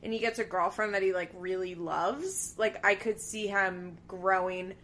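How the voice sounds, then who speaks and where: A woman's voice: medium pitch, measured pace, a bit bright, a little hiss or hum. A woman co-hosting a podcast in casual chat, talking loosely with frequent fillers and laughing often. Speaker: podcast co-host. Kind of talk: casual chat recapping a reality show.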